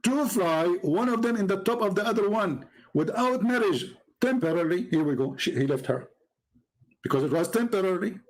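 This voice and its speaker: A man giving mocking, sarcastic commentary as he reads from a website on screen. He swings from low mutters to sudden high exclamations. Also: lively intonation, fairly quick, low-quality recording. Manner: mocking and sarcastic, with exaggerated mock praise. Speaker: religious debater and commentator.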